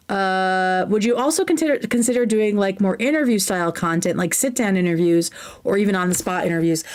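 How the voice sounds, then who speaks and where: Woman streaming a q&a at her desk, reads chat questions out loud, chatty and excited, goes off on tangents, mid pitch. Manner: chatty and enthusiastic, drifting into tangents. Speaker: livestream host. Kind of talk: casual livestream Q&A, reading viewer questions aloud.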